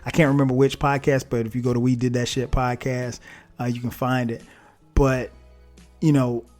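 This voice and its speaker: A man's voice: mid-range voice, a little mellow. Laid-back man hosting a solo podcast. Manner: laid-back and chatty with frequent laughs and fillers. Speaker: podcast host. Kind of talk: casual solo podcast monologue.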